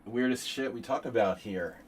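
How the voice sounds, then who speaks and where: A man streams a chess simul, talking through his moves under his breath and offering wry, meandering asides to chat. His voice is mid-range at a moderate pace, captured in a low-quality recording with slight background noise.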